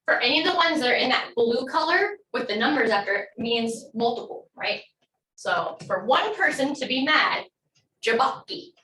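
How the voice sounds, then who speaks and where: A woman's voice: a little high, lively intonation, normal speed, bright, forceful tone, roomy sound, far from the mic, low-quality recording. A woman teaching a language class online, upbeat and encouraging as she models words for students to repeat.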